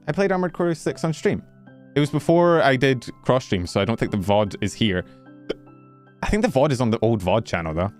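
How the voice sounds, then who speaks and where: A man streaming as a VTuber, rambling casually to his chat, a little out of breath in a warm room. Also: medium pitch. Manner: rambling, self-interrupting, animated. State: slightly out of breath. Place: warm bedroom.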